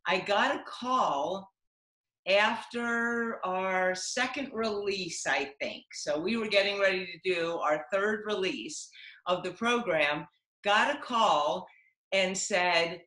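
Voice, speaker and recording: A woman creating aquatic fitness programs tells a lively story in a casual webinar chat, acting out quoted dialogue. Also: medium pitch, slow pace, echoey room, low-quality recording. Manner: animated, acts out quoted dialogue. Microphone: video call.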